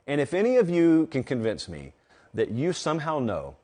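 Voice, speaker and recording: A man hosting a live college football show, giving emphatic, animated analysis and repeating stats for effect. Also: fairly high pitch, normal speed.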